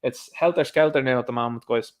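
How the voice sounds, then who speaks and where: A man's voice: mid-range voice, fast talker. Ranting Irish man on a livestream. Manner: emphatic, ranting, talks straight to viewers. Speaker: livestream host. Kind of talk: opinionated livestream commentary reading viewer chat.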